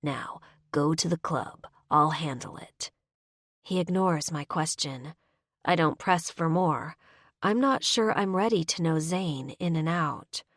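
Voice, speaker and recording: A woman's voice: sits low, slow pace, no echo, clean studio sound. A woman narrating a romance audiobook in the first person, emotive, voicing both characters' dialogue.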